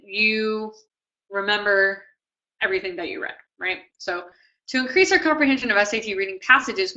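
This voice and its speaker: A woman tutor giving a relaxed classroom lecture for test prep, often checking in with "okay?" and "right?". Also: mid-range voice, muffled recording.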